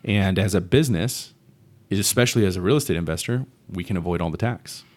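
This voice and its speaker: A man's voice: sits low, fairly quick. A man talking as a guest on a podcast, laid-back and slangy, often saying dude and bro. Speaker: guest, real estate investor. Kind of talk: casual podcast conversation.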